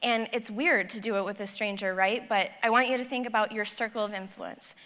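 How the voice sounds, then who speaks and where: Bright-voiced woman telling a story in a hall. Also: medium pitch, brisk. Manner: animated, acts out dialogue in her stories. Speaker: conference speaker. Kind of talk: personal storytelling talk. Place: large conference hall. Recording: long hall reverb.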